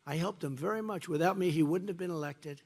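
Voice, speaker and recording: A man giving a rally speech, emphatic and repetitive, jumping from loud bursts to low asides, speaking into a podium microphone. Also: fast talker. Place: campaign rally before a crowd.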